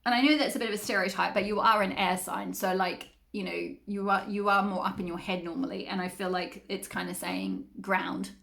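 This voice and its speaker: A woman doing a relaxed tarot reading for her channel, talking in a loose, rambling way packed with fillers. Her voice has a gravelly, fry-tinged texture at a middling pitch. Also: brisk, few pauses. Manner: chatty, rambling, many fillers. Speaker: tarot reader. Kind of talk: casual spoken tarot reading.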